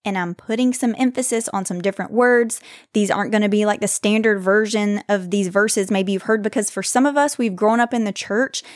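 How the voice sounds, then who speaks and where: A woman hosting a faith podcast, speaking earnestly and reassuringly, slowing down to stress scripture. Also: medium pitch, steady tone, no room sound, studio quality. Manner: earnest, reassuring, reads scripture slowly with emphasis. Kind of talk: devotional encouragement talk.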